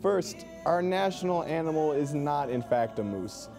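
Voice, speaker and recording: A man's voice: a little high, animated, normal speed, a little mellow, faint music behind. A man playing a folksy Canadian immigration officer. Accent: put-on Canadian. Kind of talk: comedy sketch.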